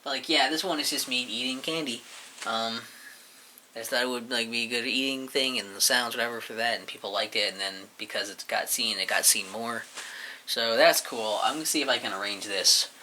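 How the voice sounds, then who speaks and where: A man's voice: medium pitch, a little fast, pushed and bright, a little hiss or hum. A man casually rambling through a look back at his own channel, mumbling and swearing offhandedly as he goes. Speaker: YouTuber reviewing his channel.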